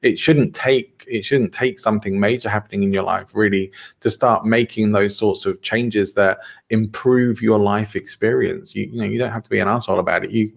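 Guy hosting a chat, kinda low voice, thinks out loud, repeats words. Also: creaky. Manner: reflective, halting, repeats words. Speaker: podcast host. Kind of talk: casual chat.

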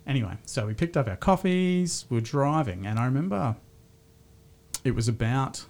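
A man's voice: medium pitch, lively intonation, moderate pace, a little mellow. Candid Australian man telling a story. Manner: candid, swears freely, restarts and fillers. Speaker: guest telling a personal story. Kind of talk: casual podcast conversation.

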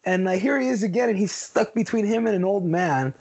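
A man co-hosting a movie podcast in casual chat, profane and animated, acting out quotes from the film. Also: high voice, a little fast, slightly rough. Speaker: podcast co-host.

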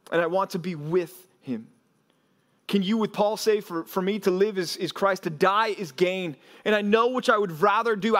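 A man preaching a sermon as pastor, telling stories and acting out quotes, with frequent "right?" asides to his listeners. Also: high-pitched.

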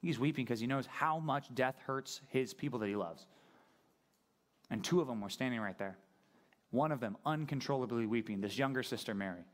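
A man preaching a sermon as pastor, talking conversationally and asking the congregation questions, dropping to a hushed voice at sad moments. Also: medium pitch, a little fast.

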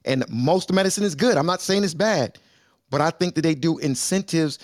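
A man hosting a lively casual debate, loud and pushy. He keeps calling his guest brother and talks over people. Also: fairly high pitch, moderate pace, no echo, studio quality. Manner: boisterous, keeps saying brother. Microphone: remote call mic.

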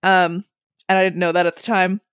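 A young woman telling a funny story in a casual way, animated, laughing often and swearing freely. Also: fairly low pitch, normal speed, clean tone, no echo, clean studio sound.

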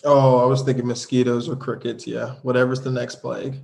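A man in casual podcast chat, talking through a TV episode. His pitch sits in the middle, and his remarks come out easygoing and a little dry. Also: little pitch movement, fairly quick, vocal fry, a little mellow. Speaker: podcast co-host.

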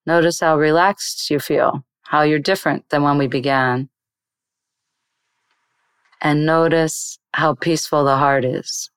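This meditation teacher, a woman, sits low in pitch with fairly even intonation and a clear, resonant tone, and the recording has no echo. After explaining meditation in an interview, she slowly guides a breathing exercise in a calming voice.

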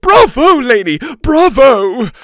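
A man voicing a loud, emotional middle-aged woman drama teacher. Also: very high voice, sing-song, slow pace, dry recording, studio quality, voice pushed up, exaggerated voice. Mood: gushing.

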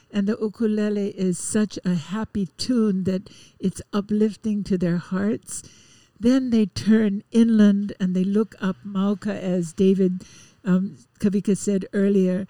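Lady radio cohost, mellow voice, dry close studio sound, tells the story of a song. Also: medium pitch, no echo. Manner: gentle storytelling, explains songs. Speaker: radio co-host. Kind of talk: casual radio chat.

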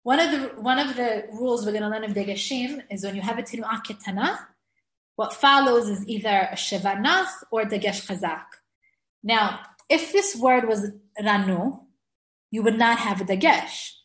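A woman's voice: fairly high pitch, normal speed, fairly bright tone, roomy sound, rough recording. A woman giving a lecture on Hebrew reading rules, patiently explaining and repeating words to stress the correct pronunciation. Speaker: Hebrew grammar teacher. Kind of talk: recorded lecture.

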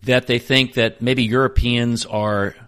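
A man's voice: medium pitch, level tone, a little slow, fairly bright tone. A man from the United States co-hosting a travel podcast, chatting casually and setting up topics for his partner. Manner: conversational, sets up topics with questions.

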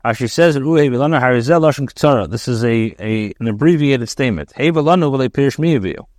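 A man teaching as a rabbi, reading Hebrew verses aloud and translating each phrase into English with frequent pauses and restarts. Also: medium pitch, expressive, a little mellow, no echo, clean studio sound. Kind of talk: reading and translating scripture line by line.

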